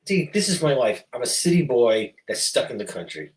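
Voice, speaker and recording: Lively bright-voiced man, a bit off-mic. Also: medium pitch, a little fast, distant mic, rough recording. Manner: animated, laughing, profane storytelling. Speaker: co-host. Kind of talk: casual late-night chat.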